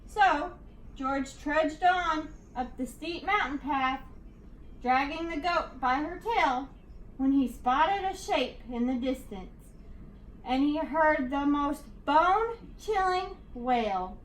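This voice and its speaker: A woman teacher reading a rhyming picture book aloud to her class in a slow, rhythmic way. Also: high voice, expressive, slight background noise. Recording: echoey room, distant mic.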